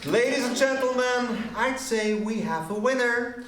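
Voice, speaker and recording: A man playing a showy male club emcee in a stage reading of a musical, announcing loudly. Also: very high voice, lively intonation, a little slow, full character voice. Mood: excited. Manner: loud announcing. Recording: roomy live recording, noisy.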